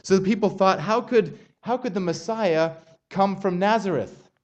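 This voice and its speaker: A man's voice: high voice, moderate pace, lo-fi sound. A man preaching an expository sermon, earnest and building intensity on quoted passages. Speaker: pastor.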